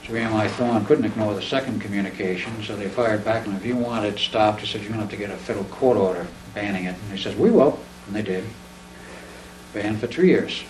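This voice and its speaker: A man's voice: lowish voice, quick pace. A man casually telling a long, rambling personal story in a living-room chat, acting out the dialogue as he goes. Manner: rambling, animated, acts out quoted dialogue. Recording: roomy, distant mic, faint background noise.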